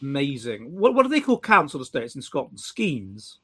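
A man co-hosting a casual chat, animated and mocking, with frequent stammering restarts. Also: mid-range voice, normal speed, husky. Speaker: podcast co-host.

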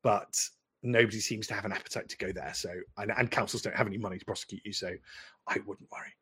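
A man's voice: fairly low pitch, fairly even intonation, quick pace, fairly bright tone, slightly rough. A man in his forties with a posh English accent, a lawyer answering viewer questions in casual, rambling livestream commentary full of restarts and asides. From United Kingdom.

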